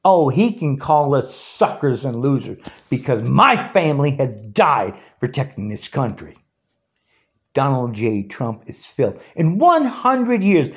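A man in his sixties delivering an angry, taunting political rant straight to the camera. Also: mid-range voice. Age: 60s. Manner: ranting, taunting, challenging. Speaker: video blogger.

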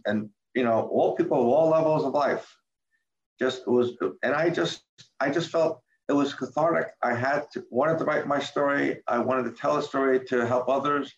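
An older man speaking as a guest about his life, halting and repeating words, acting out quoted lines in a livelier voice. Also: medium pitch. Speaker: guest, author and former medical center president. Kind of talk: candid interview talk. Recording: dull roomy remote recording.

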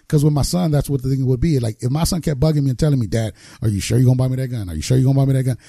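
A man's voice: mid-range voice, fast talker, gravelly, few pauses, mellow, slightly rough, no echo, clean studio sound. A man co-hosting a casual podcast, talking slangy, calling people bro and acting out quotes from his son. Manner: slangy, acts out quotes with laughs. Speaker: podcast co-host. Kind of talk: casual faith chat.

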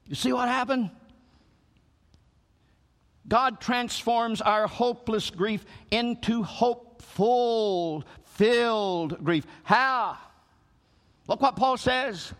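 An older man preaching a sermon as a pastor, with fervent, drawn-out emphasis and calls for the congregation to repeat after him. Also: very high-pitched, a bit bright, long reverb tail. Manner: preaching with rising fervor, drawn-out emphasis, call-and-response.

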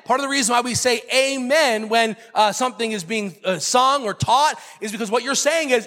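A man's voice: high voice, quick pace, hardly any pauses, bright, forceful tone, in a large hall. A man preaching a sermon as pastor, emphatic and repetitive, joking with his congregation. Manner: emphatic, repeats key phrases, jokes with the congregation.

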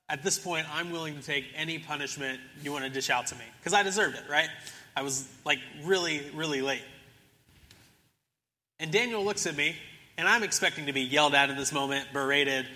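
A young man preaching to a church with a very bright, forceful voice that rides a little high for a man. He tells the story casually and acts out each character's lines. The long reverb of a big church sanctuary trails behind his words. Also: fast talker. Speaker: pastor. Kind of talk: sermon.

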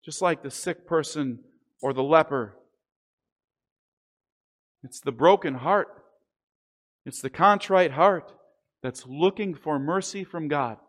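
A man preaching a sermon, earnest and deliberate, slowing down on the key phrases. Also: fairly high pitch. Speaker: pastor.

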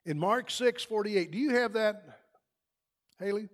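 A man preaching a sermon in a church, building to loud emphatic peaks. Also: high-pitched, animated, a little slow, a little hiss or hum. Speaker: pastor. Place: church sanctuary.

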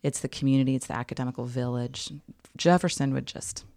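A woman's voice: very deep voice, fast talker, a little mellow, no room sound. A woman co-hosting a podcast in casual chat, talking in a chatty way with lots of fillers. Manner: chatty, lots of likes, laughs easily. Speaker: podcast co-host.

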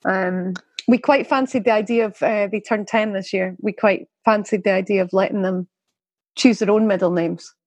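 A woman's voice: medium pitch, fairly even intonation, normal speed, darkish tone, no echo, low-quality recording. Rambling woman guest. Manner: rambling, laughs often, self-interrupting. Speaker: guest parent. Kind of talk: casual conversational chat.

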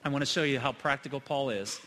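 A middle-aged man preaching a sermon to his church, telling personal stories earnestly and swinging between loud emphasis and hushed moments. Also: mid-range voice, fast. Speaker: pastor. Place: church sanctuary. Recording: long hall reverb.

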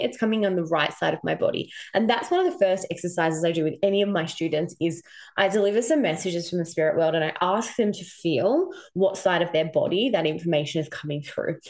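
Australian woman, 30s, casual podcast host; chatty, animated storytelling. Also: lowish voice. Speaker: podcast host and intuition coach. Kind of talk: casual solo podcast talk.

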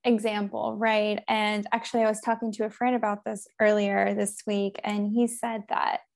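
A woman's voice: medium pitch, little pitch movement, normal speed, gravelly, darkish tone. A woman co-hosting a relationship talk show, chatting casually and explaining ideas with acted-out everyday examples. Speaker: guest co-host. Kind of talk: casual chat.

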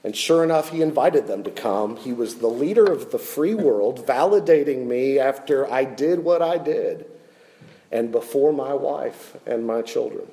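A pastor preaching a sermon, his delivery swinging from loud, raised lines to hushed ones. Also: medium pitch, lively intonation, measured pace, low-quality recording.

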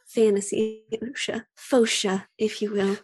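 A woman's voice: medium pitch, flat delivery, unhurried. A woman playing a tabletop role-playing game, speaking in a dry, playfully formal manner. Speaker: player. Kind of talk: in-character tabletop play.

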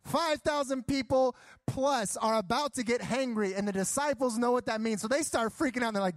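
A young adult man preaching a sermon, telling stories with acted-out dialogue and rising to near shouts. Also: high voice, fairly quick, no room sound. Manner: animated storytelling, acts out dialogue, rises to near shouts.

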